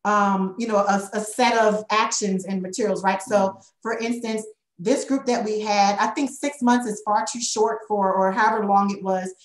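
Woman consultant answering in an echoey room. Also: mid-range voice. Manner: thoughtful, with frequent fillers and "right?" tags. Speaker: consultant presenting to a school board. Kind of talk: answering questions at a board meeting.

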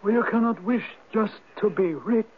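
An actor playing an ancient Viking spirit turned Irish hermit who speaks in a measured, knowing, gently probing way, in a 1970s radio drama. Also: male voice, sits high, husky. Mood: instructing. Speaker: Old Man of the Rock. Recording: tinny lo-fi old radio broadcast.

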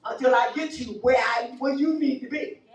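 High-voiced woman preaching in an echoey church. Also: normal speed. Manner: fervent preaching, rising to shouts, laughing often. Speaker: pastor. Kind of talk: sermon. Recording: echoey church audio from far off.

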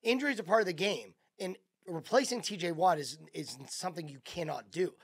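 A man's voice: high-pitched, lively intonation, fairly quick, husky. A man co-hosting a sports talk show, getting worked up and firing off exclaimed questions. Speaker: co-host.

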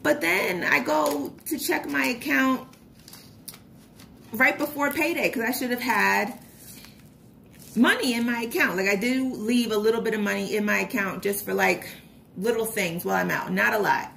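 A young woman chatting casually while budgeting, telling a story with lively retold reactions. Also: fairly high pitch, normal speed, vocal fry, a little hiss or hum. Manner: chatty storytelling, animated retellings. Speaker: vlogger.

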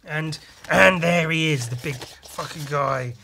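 A man hosting a podcast, chatting casually and excitably, with lots of swearing and homemade sound effects. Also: a little high, slow, creaky, slight background noise. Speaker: podcast host and comic artist. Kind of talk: casual chat walking through comic pages.

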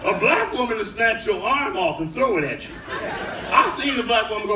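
Animated high-voiced male comedian on stage. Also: fairly quick, background noise. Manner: animated, shouting punchlines, talks to audience. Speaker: stand-up comedian. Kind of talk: stand-up comedy. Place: cruise ship showroom, live audience. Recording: echoey room, far mic, crowd laughter.

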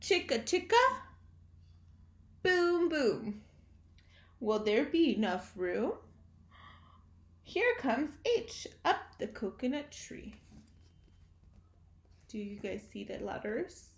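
A woman reads a children's picture book aloud at a very slow pace. Her fairly high voice rises and falls in a lively singsong as she asks the little listeners questions. The room around her rings with echo. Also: creaky. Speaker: teacher reading aloud to children. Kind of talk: storybook read-aloud for young children.

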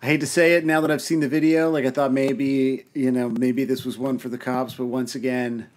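A man's voice: mid-range voice, flat delivery, a little fast, a little mellow. A man appearing as a guest on a podcast, chatting casually with wry, sardonic asides.

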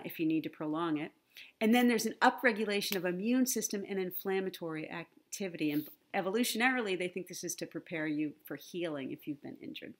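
A woman presenting an online conference talk with slides, friendly and teacherly, often checking in with "right?" and "okay?". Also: on the low side. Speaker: conference speaker on the brain and language learning. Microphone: computer mic, online presentation.

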